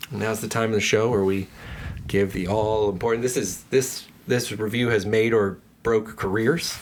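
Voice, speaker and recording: A man co-hosting a comedy podcast, agreeing warmly and running the review segment with playful mock grandeur. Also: fairly low pitch, a little hiss or hum. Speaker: podcast co-host. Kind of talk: casual comedic movie review chat.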